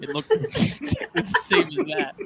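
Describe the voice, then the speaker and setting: A man's voice: very high-pitched, moderate pace, gravelly, crowd noise. A man hosting a podcast, joking and teasing his guests in casual chat. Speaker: podcast host. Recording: loud background noise.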